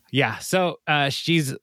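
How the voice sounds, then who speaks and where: A man's voice: a little high, a bit bright, no room sound. Rambling man recapping a show, dry sound. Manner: rambling, full of ums and uhs, quick to laugh. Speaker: podcast host recapping an episode. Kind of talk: casual chat.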